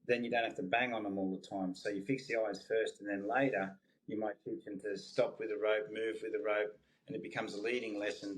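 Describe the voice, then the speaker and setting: Low-voiced horseman, easygoing. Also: poor audio. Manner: relaxed, explains with everyday comparisons. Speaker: horse trainer, guest. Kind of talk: casual interview answers.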